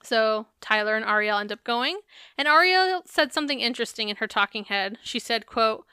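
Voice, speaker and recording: Woman, podcast co-host, chatty recap, dry close sound, smooth clear voice. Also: a little high, expressive, moderate pace, pushed and bright, no echo. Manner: chatty, profane, laughs while recapping. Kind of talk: casual recap chat.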